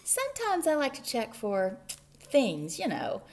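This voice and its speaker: A woman voicing a tiny, polite, fussy male mouse in a picture-book read-aloud, in a high, squeaky, formal voice. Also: huge pitch swings, unhurried, creaky, heavily acted. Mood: cheerful.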